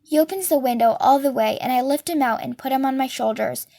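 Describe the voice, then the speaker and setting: A woman reading a novel aloud as a storyteller, with steady and expressive delivery. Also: high-pitched, fairly quick, vocal fry.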